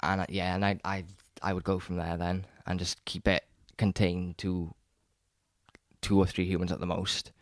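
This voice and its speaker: Low-voiced male co-host, excited rambling chat, close and dry. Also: normal speed, no echo. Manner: rambling, enthusiastic, frequent restarts and stammers. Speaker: podcast co-host. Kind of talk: casual chat about films.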